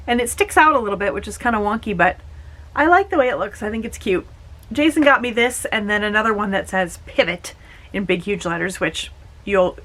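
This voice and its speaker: A woman's voice: mid-range voice, fairly bright tone, a little hiss or hum, low-quality recording. A young woman with a Minnesotan accent chats through a home vlog. She gushes and rambles and leans on fillers as she talks. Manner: chatty and gushing, many fillers. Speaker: vlogger. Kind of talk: casual vlog chat.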